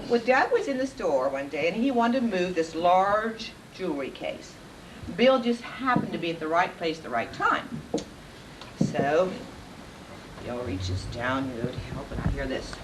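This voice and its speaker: Lively woman roasting a coworker at a party. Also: fairly low pitch, normal speed. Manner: animated, mimics ripping sounds and quotes others. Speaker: roast speaker, seamstress. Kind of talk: telling a roast story to a crowd. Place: party hall with an audience. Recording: distant home video mic, loud hiss and crowd.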